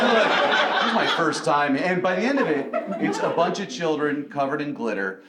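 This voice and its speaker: A man's voice: a little high, expressive, normal speed. A man doing a stand-up set on a club stage, rambling loosely and laughing at his own jokes. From American South. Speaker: stand-up comedian. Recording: roomy club with loud noise.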